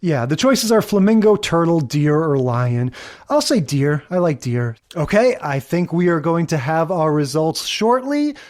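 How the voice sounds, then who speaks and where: A man's voice: a little high, very animated, measured pace, a little mellow. A man co-hosting a podcast, chatting casually and wryly, recapping episodes with joking asides. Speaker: podcast co-host. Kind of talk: casual chat.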